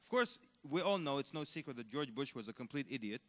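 A man giving a conversational, animated lecture at a convention, asking the audience questions as he goes. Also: medium pitch, fast. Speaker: Islamic lecturer. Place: large convention hall. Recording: echoey hall.

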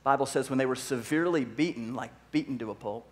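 A pastor preaching a sermon in an animated way, acting out voices and asking the audience questions. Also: male voice, mid-range voice, fast.

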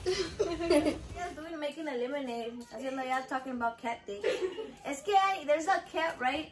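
A foul-mouthed woman with a high voice films a recipe video in her home kitchen, talking at a normal speed over slight background noise. Her casual cooking vlog chat is crude, profane, and animated, full of storytelling.

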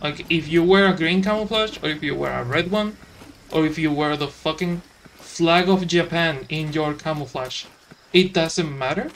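Man doing sarcastic, profane let's-play commentary with a fairly high voice. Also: moderate pace, fairly bright tone, slight background noise. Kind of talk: gameplay commentary.

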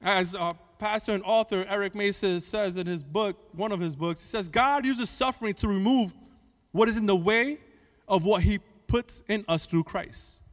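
A pastor's raised, high voice carries through a church sanctuary with long reverb. He preaches candidly and emotionally, dropping to a hush for personal stories and climbing back to emphatic declarations. His delivery is loose and conversational, full of quick restarts. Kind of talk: sermon.

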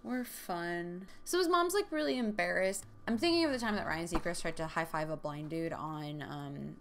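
A woman's voice: on the low side, animated, moderate pace, vocal fry, background noise. A young woman hosting a comedic book-recap show, retelling the story with sarcastic jokes and asides. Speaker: podcast host.

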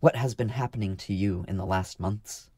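A man voicing a young male healer and warrior monk in an audiobook, speaking in a solemn, measured way. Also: on the low side, dark tone, no echo, clean studio sound. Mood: curious.

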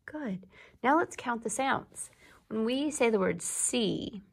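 A woman's voice: a little high, animated, slow pace, gravelly, slightly rough. A woman teacher giving a patient phonics lesson to young children, drawing out and sounding out words.

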